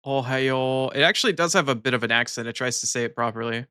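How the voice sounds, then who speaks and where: A man's voice: medium pitch, rapid-fire, sharp tone, no room sound, clean studio sound. A young American man chatting casually on a live stream, reading chat aloud and laughing often.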